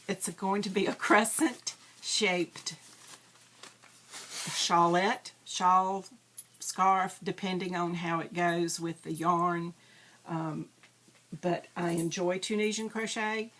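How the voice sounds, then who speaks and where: A woman with a lowish, somewhat bright voice hosts a crafting videocast. She chats casually in show-and-tell style, rambling, with plenty of ums and self-deprecating asides.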